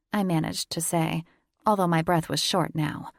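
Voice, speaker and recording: A woman's voice: deep voice, fairly even intonation, normal speed, creaky, no room sound, studio quality. A woman narrating a first-person romance audiobook in an intimate, teasing reading.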